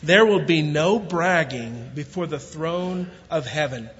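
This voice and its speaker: Speaking slowly, a guest pastor with a slightly high male voice and a self-described country way of talking reads scripture steadily in a large church. He then shifts into easy jokes and ever more fervent preaching. The slightly dull recording has a long hall reverb.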